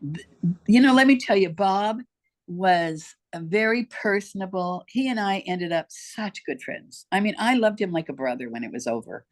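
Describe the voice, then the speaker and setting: A woman's voice: mid-range voice, animated, normal speed. An older woman telling her life story as an interview guest, emphatic and heartfelt, talking straight to the host. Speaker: podcast guest.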